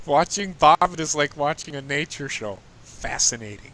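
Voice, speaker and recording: A man with a bright, forceful voice hosts a casual stream, ribbing his guest, swearing freely and breaking into loud laughs. His talk is loose and chatty. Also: a little high, animated, moderate pace. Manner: joking, swears, laughs loudly. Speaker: stream host. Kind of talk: casual chat.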